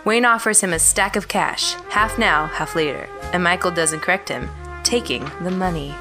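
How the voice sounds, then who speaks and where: A woman with a somewhat low voice reads a movie plot summary at a steady, measured pace. Clear music plays beneath her. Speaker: podcast co-host.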